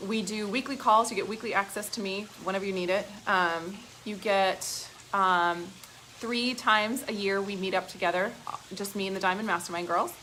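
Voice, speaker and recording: A woman's voice: medium pitch, a little hiss or hum, rough recording. Fired-up woman coach on a live stream. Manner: emphatic and profane, with frequent fillers; excited and gushing. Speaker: business coach. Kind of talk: live-stream pep talk.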